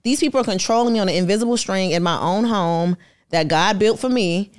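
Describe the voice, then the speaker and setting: A woman with a smooth, medium-pitched voice and a brisk delivery tells her story as a podcast guest; she's an artist and entrepreneur. In animated, casual conversation, she brings the tale to life by performing the voices of the people she quotes.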